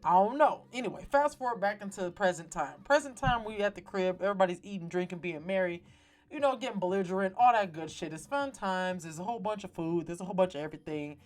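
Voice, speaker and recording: A woman's voice: medium pitch, fast talker. Woman host, casual TV recap, salty slang, theatrical storytelling, faint music underneath. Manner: profane, slangy, dramatic storytelling. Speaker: talk show host.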